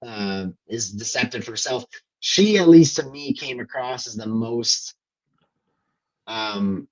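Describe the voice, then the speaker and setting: A man's voice: mid-range voice, lively intonation, takes it slowly. A man co-hosting a podcast, talking loosely and hesitantly about a film and searching for his words. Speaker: podcast co-host. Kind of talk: casual film discussion. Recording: slightly dull lo-fi audio.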